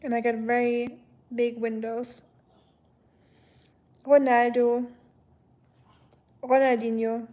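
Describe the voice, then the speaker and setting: Reading viewer comments on her livestream, a young German-accented woman chats casually but hesitantly, full of ums. She speaks slowly with frequent pauses, in a fairly high, dark-toned voice that barely shifts in pitch.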